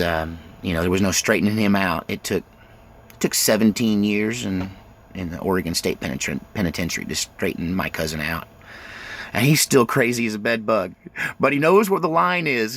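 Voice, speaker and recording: A man's voice: fairly low pitch, creaky, a bit bright. A middle-aged man telling his own life story in a rambling, self-interrupting way, full of fillers and restarts. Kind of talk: autobiographical storytelling.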